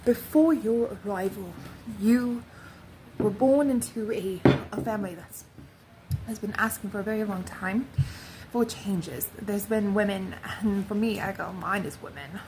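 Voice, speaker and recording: A woman talking through her spiritual thoughts in a loose, wandering monologue. Her pitch sits in an ordinary middle range, and she slips into hushed whispers now and then. A steady hiss of background noise runs under her voice. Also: a little slow, rough recording. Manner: drifts into soft whispers, meandering and reflective. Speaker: vlogger sharing spiritual channeling.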